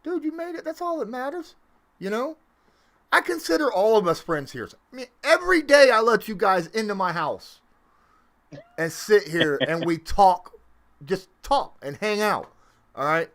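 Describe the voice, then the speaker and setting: A man hosting a casual livestream from his home, rambling with lots of fillers and swinging up and down in pitch and loudness. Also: expressive, measured pace. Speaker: livestream host.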